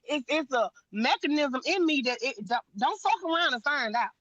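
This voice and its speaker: Blunt, profane woman with a bright voice. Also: sits high, lively intonation, normal speed, no echo, lo-fi sound. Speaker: guest on a live panel. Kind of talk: heated storytelling chat.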